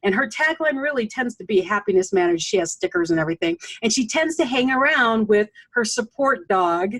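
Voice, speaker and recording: A middle-aged woman hosting a casual chat, blunt and animated, laughing often. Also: a little high, fairly quick. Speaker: podcast host and coach.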